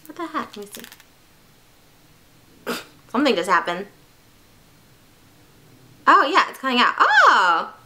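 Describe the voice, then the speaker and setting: A young woman vlogging an unboxing in a bubbly, excitable, gushing way. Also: a little high, slow, long pauses, slight background noise. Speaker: beauty vlogger. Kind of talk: casual unboxing vlog.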